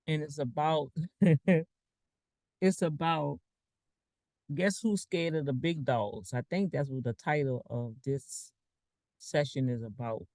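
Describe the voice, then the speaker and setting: Guy doing a slow rambling livestream talk, kinda preachy, higher voice, dry close mic. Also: darkish tone, no room sound. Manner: preachy, rambling, with asides and laughs. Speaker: online financial coach. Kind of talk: casual livestream talk with screen share.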